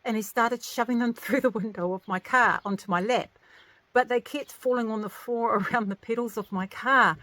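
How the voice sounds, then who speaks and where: Woman vlogger, bright and dry close-mic sound, casual exasperated storytelling, mid-range pitch. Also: moderate pace, no room sound. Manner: animated, venting, exasperated retelling. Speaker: vlogger, single working mother.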